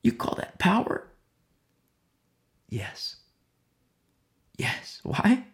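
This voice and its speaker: A man preaching a sermon who repeats himself and swings between loud, acted-out quotes and hushed whispers. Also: sits high, huge pitch swings, very slow. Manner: repeats and restarts words.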